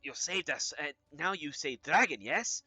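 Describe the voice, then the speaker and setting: A man's voice: on the high side, animated, measured pace, sharp tone, breathy edge, no room sound, faint music behind, exaggerated voice. A man voicing an eager male kobold who speaks in short, broken phrases. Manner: broken, clipped speech.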